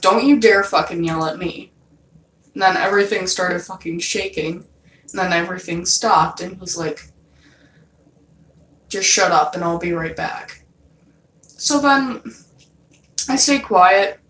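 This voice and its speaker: A woman's voice: fairly low pitch, fairly bright tone. A young woman telling a dream story in a loose, casual way, swearing often and leaning on fillers. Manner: loose and profane, many fillers. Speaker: vlogger. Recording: roomy, from a distance off mic.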